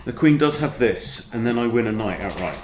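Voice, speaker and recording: A man, a chess coach talking through his own game in a chatty, animated way. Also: mid-range voice, fairly quick, a little hiss or hum. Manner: chatty, animated, breaks off to scold his dog. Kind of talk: casual game commentary. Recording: echoey room.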